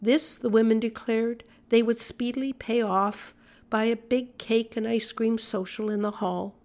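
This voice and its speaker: A woman reading an old-fashioned story aloud in a measured, even storytelling manner. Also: a little high. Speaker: audiobook narrator. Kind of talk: scripted narration.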